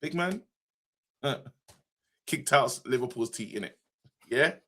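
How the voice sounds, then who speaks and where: Male podcast co-host, mid-pitched bright voice, excitable slangy chat. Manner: excitable, slangy, quick restarts. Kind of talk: casual football podcast chat.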